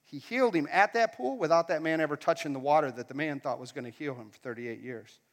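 A man's voice: fairly high pitch, fast. A man preaching a casual, conversational sermon in a church hall, asking the crowd questions as he goes. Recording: long hall reverb.

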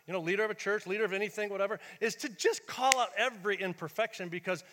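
Animated high-voiced preacher in echoing church. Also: male voice, fast, noisy background. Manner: animated, acts out quoted voices, shifts between shouting and hushed asides. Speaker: pastor. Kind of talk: sermon.

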